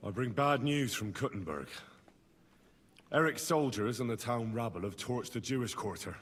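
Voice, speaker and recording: A man's voice: medium pitch, expressive, normal speed, in a large hall, soft background music, lightly acted. An actor playing a male messenger in a game who soberly reports bad news. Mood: grave.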